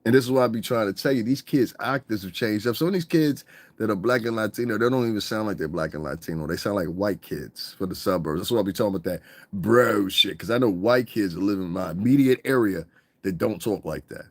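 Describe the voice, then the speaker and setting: A man hosting a podcast in a casual, animated monologue, swearing and mimicking other people's voices. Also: on the low side, fairly quick, dry recording. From United States. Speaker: podcast host.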